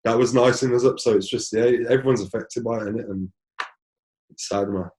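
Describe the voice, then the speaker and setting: A man, a DJ in a music collective, chatting in a relaxed way with casual slang. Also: medium pitch, fairly quick. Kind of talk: casual conversation. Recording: echoey room.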